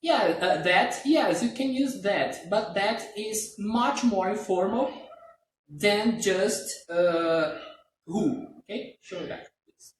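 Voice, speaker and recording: Taking it slowly with lively intonation, a high-pitched Brazilian teacher leads a live online English grammar lesson and keeps patiently making sure everyone follows. He's recorded from a distance in a roomy space, with faint hiss underneath.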